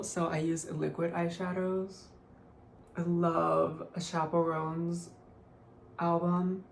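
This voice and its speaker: A woman's voice: fairly low pitch, steady tone, slow, vocal fry. Young woman beauty vlogger, casual filler-heavy chat, roomy sound with faint hiss. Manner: chatty, constant "like" fillers, offhand. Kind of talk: casual makeup tutorial chat. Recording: echoey room, faint noise.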